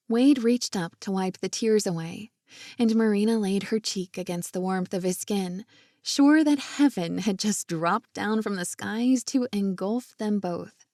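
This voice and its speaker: Female audiobook narrator, soft intimate read, gravelly tone, dry close mic. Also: medium pitch, unhurried, dry recording. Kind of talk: scripted narration.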